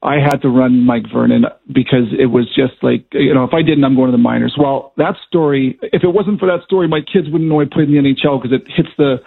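A man's voice: mid-range voice, brisk, vocal fry, hardly any pauses, breathy edge. A middle-aged man, a former hockey player turned color analyst, chatting and telling stories in a radio interview. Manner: chatty, storytelling, laughs often. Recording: tinny phone line.

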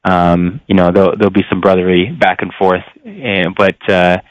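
A young man speaks as a radio guest in an earnest, searching way, his voice low and smooth with an even, flat delivery. The sound is dry and a little dull, as on a lo-fi line. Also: moderate pace, dry recording. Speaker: professional football player.

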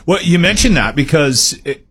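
A man hosting casual sports chat, asking questions in a measured, slightly halting way. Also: on the high side, animated, a bit bright, husky.

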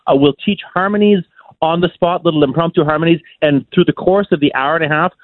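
A man's voice: fairly high pitch, fast talker, dry recording. A man from Saskatchewan, a local musician, chatting as a guest on a radio show, talkative and enthusiastic with lots of "you know" fillers. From Saskatchewan, Canada. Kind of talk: casual radio interview chat. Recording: tinny phone line.

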